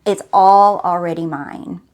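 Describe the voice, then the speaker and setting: A woman's voice: on the low side, slow pace. A woman hosting a spiritual motivational talk, speaking emphatically and repeating herself as she coaxes the listener directly. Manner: emphatic, repetitive and coaxing, addressing the listener directly. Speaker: host.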